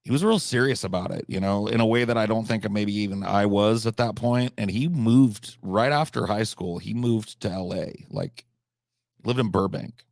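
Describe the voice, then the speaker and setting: A man hosting a live stream, telling rambling, absurd comic stories with deadpan delivery and profane asides. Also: fairly low pitch, normal speed, gravelly, no echo, clean studio sound. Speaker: livestream host.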